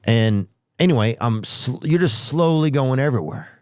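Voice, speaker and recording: A man hosting a podcast, telling rambling comic stories with profanity and drawn-out asides. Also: mid-range voice, animated, a little mellow, no room sound, clean studio sound. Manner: profane, drawn-out asides, sudden character voices. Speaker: podcast host.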